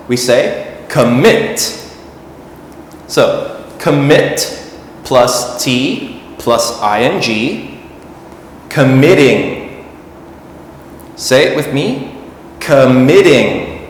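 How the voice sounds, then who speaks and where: A man teaching an English grammar lesson, speaking slowly and deliberately and repeating words for learners to say after him. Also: mid-range voice, animated, slight background noise. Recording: echoey room with long reverb.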